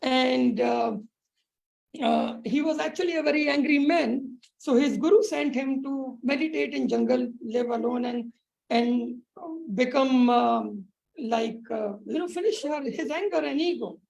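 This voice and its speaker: A woman meditation teacher telling a spiritual teaching story on a support call, with many pauses, fillers and restarts. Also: high voice, gravelly, a little mellow, low-quality recording.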